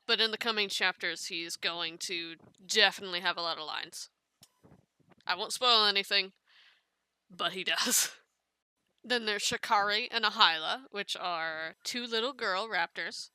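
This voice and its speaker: Bright, clear-voiced woman running a casting call. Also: mid-range voice, unhurried, no room sound. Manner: chatty, loose, with small restarts and fillers. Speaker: casting director for a fan comic dub. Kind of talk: casual casting call walkthrough.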